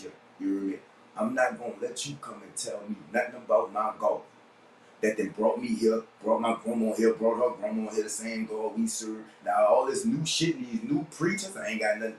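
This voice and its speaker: A man's voice: mid-range voice, a little hiss or hum. A young man with a New Orleans accent hosting a podcast, rambling in a blunt, profane monologue and checking in with "you see what I'm saying". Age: young adult. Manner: blunt, profane street talk. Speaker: podcast host. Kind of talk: casual monologue. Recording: roomy, distant mic with faint ambience.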